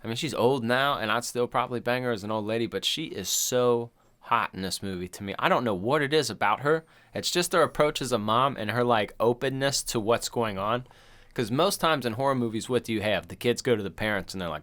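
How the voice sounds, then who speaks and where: A male podcast co-host in his thirties chats casually in a loose, profane, rambling way, retelling stories with quoted voices. His voice is medium-pitched and a bit bright, and he speaks briskly.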